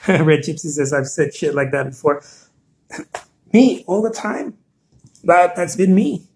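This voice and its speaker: A man's voice: fairly high pitch, expressive, slow, pauses often, a little mellow. Earnest man chatting on a live stream. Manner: chatty, repeats words, answers viewer comments; encouraging, earnest. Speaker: artist hosting a live stream. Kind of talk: casual live-stream talk.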